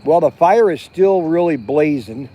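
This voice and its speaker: An animated, fairly high-pitched man with a dark tone speaks at a measured pace. He's a middle-aged vlog host livestreaming casually from a nighttime campground fire, rambling with frequent restarts and fillers.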